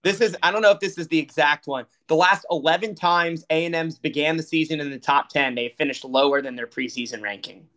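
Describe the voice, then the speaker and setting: A man's voice: on the high side, brisk, hardly any pauses, pushed and bright. Rambling man arguing college football. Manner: argumentative, rambling, stumbles over words. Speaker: podcast co-host. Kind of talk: casual sports banter.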